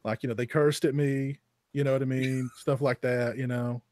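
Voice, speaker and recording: A man's voice: medium pitch, little pitch movement, normal speed, a little mellow, no echo, clean studio sound. A man hosting a casual podcast chat, rambling with lots of fillers and repeated words. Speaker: podcast host.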